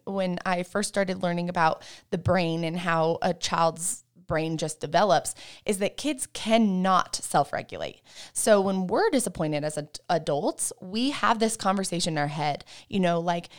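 A woman with a smooth, lowish voice speaks at normal speed as a guest discussing parenting from a faith perspective. Her manner in this casual chat is easygoing and affirming, with frequent agreeing murmurs.

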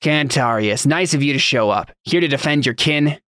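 A man's voice: on the high side, moderate pace, a bit bright, no room sound, pitched above the performer's own voice, lightly acted. A man voicing a sneering, bullying male laborer in a mocking, taunting drawl for an audiobook.

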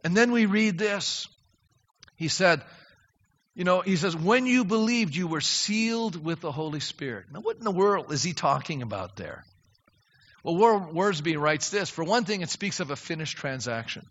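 Older man, pastor, emphatic sermon, high bright voice, long hall reverb, dull lo-fi sound. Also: expressive, moderate pace. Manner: earnest, emphatic preaching that rises to fervent prayer. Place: church sanctuary.

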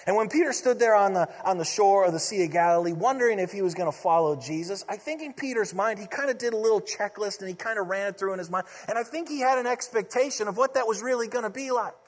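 Husky-voiced male pastor, high-pitched, preaching. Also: fast talker, few pauses. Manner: conversational storytelling preaching. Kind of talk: sermon. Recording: long reverb of a large hall.

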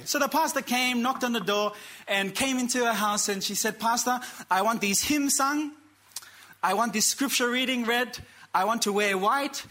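A man preaching a sermon, telling a story with dramatic pauses and calling out to the congregation. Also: very high voice, pushed and bright. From Australia. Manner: dramatic pauses, quotes characters, calls for amen.

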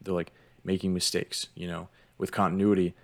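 A man's voice: sits low, little pitch movement, normal speed, creaky. A man co-hosting a casual podcast, easygoing and agreeable, getting hyped about films. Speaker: podcast co-host. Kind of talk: casual chat.

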